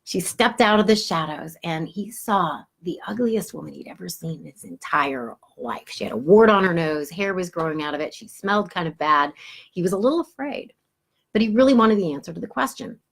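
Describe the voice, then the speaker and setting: A woman's voice: lowish voice, expressive, a little fast, creaky. Woman telling a spiritual story casually. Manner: casual and conversational, with "he goes" and fillers. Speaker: spiritual teacher and host. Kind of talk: inspirational storytelling talk.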